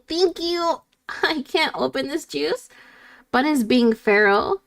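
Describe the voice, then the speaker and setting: A woman's voice: high-pitched, takes it slowly, gravelly, long pauses, a bit bright. A woman VTuber streamer chatting casually and reading her chat aloud in a bubbly, playful way.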